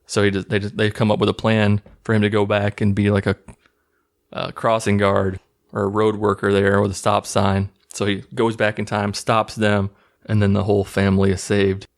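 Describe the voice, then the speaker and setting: A man's voice: lowish voice, monotone, normal speed. A man hosting his own channel, casually recapping a movie in a rambling, profane, amused way. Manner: rambling, profane, laughing at scenes. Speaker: movie review host.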